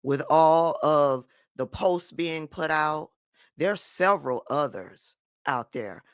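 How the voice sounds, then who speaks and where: Slow, firm woman commentator. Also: low voice, lively intonation, smooth, no room sound, studio quality. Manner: firm, emphatic, deliberate. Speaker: political commentator. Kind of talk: opinion vlog monologue.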